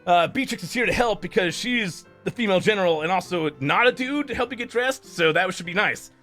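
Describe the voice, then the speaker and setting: A fussy old scholar with a beard speaks in a mild, matter-of-fact way. A man voices him in his own high, casual register. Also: lively intonation, a little fast, fairly bright tone, soft background music.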